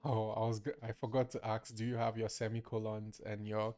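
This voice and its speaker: A man's voice: on the low side, flat delivery, a little fast, darkish tone, soft background music. Patient Nigerian man teaching code. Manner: patient, guiding, laughs easily. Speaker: coding teacher. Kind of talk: live-streamed coding lesson.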